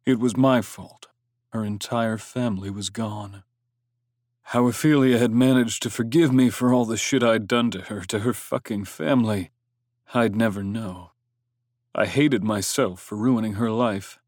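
A man's voice: on the low side, unhurried, darkish tone, dry recording, studio quality. A man reading a first-person story aloud in a brooding, intense manner, with coarse swearing. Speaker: audiobook narrator. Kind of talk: scripted first-person narration.

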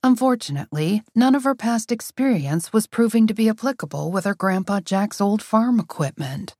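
A woman reading an audiobook in scripted narration, wry and expressive. Her pitch rises and falls freely over a mid voice, and the recording is dry and close. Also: moderate pace, dry recording.

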